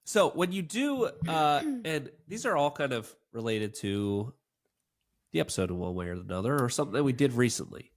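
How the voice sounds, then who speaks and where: A man's voice: medium pitch, very animated, moderate pace. A man co-hosting a podcast in casual chat, sounding nasal and congested from a cold, joking and quizzing his co-host. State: congested, sick voice.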